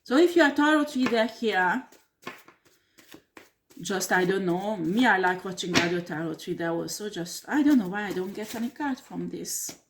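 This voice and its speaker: A woman's voice: medium pitch, lively intonation, moderate pace, background noise. Blunt, swearing woman tarot reader. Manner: blunt, combative, swears and laughs scornfully; repeats "do you understand?" and "okay?". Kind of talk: tarot reading monologue to camera.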